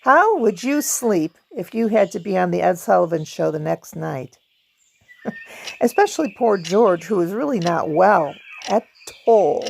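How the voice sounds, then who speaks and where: A woman hosting a casual vlog, chatting warmly about pictures and reading from a book, laughing now and then. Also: lowish voice, sing-song, a little slow, creaky, a little hiss or hum. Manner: chatty, laughs often, hums song snippets. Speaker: video host; performer.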